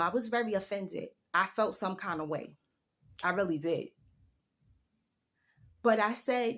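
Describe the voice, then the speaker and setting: A woman in her forties giving a casual opinion rant to her viewers, telling a story with emphatic, drawn-out delivery and big jumps in her voice. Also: mid-range voice, fairly bright tone. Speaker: vlogger.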